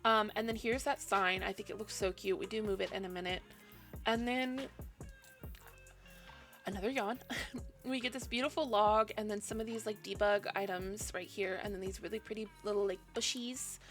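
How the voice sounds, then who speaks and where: A woman's voice: mid-range voice, fairly even intonation, normal speed, fairly bright tone, soft background music. A woman casually narrating a game build in a chatty, self-deprecating voice-over, sleepy and yawning, laughing often.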